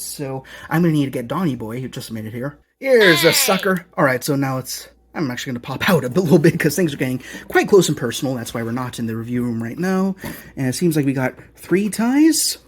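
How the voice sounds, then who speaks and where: Excitable husky-voiced unboxing reviewer. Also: mid-range voice. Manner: excitable, gushing, rambling asides. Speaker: collectibles reviewer. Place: home apartment.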